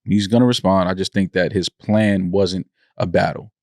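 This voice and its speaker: A man's voice: sits low, fairly even intonation, normal speed, darkish tone, no room sound, clean studio sound. A man co-hosting a podcast, talking in a laid-back, slangy way in casual chat. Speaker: podcast co-host.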